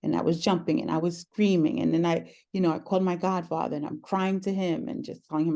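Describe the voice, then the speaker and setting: A woman talking through a personal story in conversation, earnest and reflective, often pausing with "um". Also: fairly low pitch, mellow. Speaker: podcast host sharing her story as guest.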